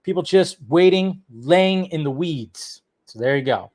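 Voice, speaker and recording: A man's voice: on the high side, animated, measured pace, a little mellow. A man hosting a casual movie news commentary, blunt, swearing freely and laughing often.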